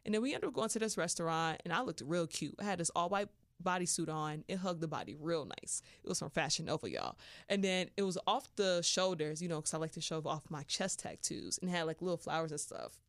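A woman hosts a podcast and tells a personal story in a loose, chatty way. She is playful and animated, with slangy asides. Her voice is smooth and clear, and the recording is dry and close. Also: fairly low pitch, a little fast, no echo. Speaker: podcast host.

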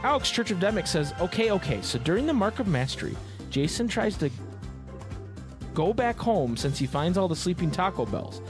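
A male podcast host in casual, profane banter, his voice pitched a little high and very animated. He keeps things loose and jokey. Faint music sits under him. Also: normal speed.

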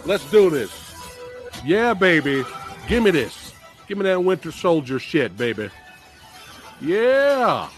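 A man hosting a live stream, reacting to movie trailers in a profane, animated way, laughing and booing. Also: on the high side, slow, pauses often, faint music behind.

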